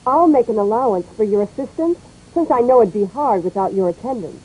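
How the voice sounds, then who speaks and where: A woman's voice: fairly high pitch, lively intonation, brisk, phone-quality sound. A woman reading lines in a scripted English pronunciation drill, saying each word and sentence twice. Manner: clear, repeats each word and line twice.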